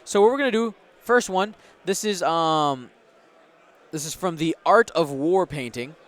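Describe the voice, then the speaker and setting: A man's voice: fairly high pitch, unhurried. A man hosting a game tournament livestream, chatting upbeat with viewers and running giveaways. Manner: upbeat, chatty, hypes the chat. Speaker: stream host and commentator.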